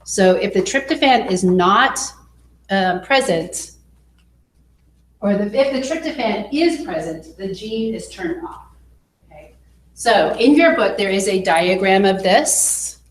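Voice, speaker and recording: A woman teaching a biology class, explaining slowly and checking in with her students as she goes. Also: medium pitch. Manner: slow, explanatory, checks in with okay. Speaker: biology instructor. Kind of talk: classroom lecture. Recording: echoey classroom with faint noise.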